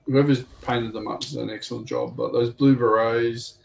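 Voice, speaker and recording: Gravelly man in an echoey room. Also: medium pitch, normal speed. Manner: relaxed, agreeable, rambling. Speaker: livestream co-host. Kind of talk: casual livestream chat. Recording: echoey room with faint noise.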